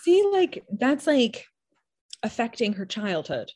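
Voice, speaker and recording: A woman's voice: fairly high pitch, sing-song, takes it slowly, a little mellow. A woman and mother chatting casually, rambling reflectively with many fillers. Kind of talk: casual chat.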